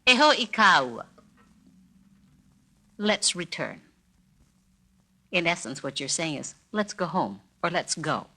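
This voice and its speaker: Slow, clear woman teaching phrases. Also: lowish voice, sing-song, sharp tone. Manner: slow, careful, repeats each phrase for the listener. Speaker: language teacher narrating a record. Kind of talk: scripted spoken-word lesson.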